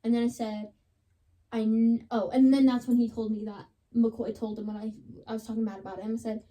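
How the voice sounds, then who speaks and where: A woman's voice: on the high side, flat delivery, fairly quick, mellow. A young woman on a podcast, chatting casually and dramatically retelling a story, with lots of "like.". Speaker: podcast co-host.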